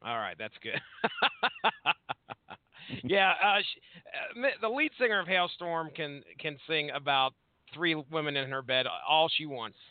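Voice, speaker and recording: A man's voice: fairly high pitch, expressive, unhurried, long pauses, dry recording. Wisecracking man on dry, phone-like audio. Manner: playful, wisecracking, laughs easily. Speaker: podcast co-host. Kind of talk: casual chat.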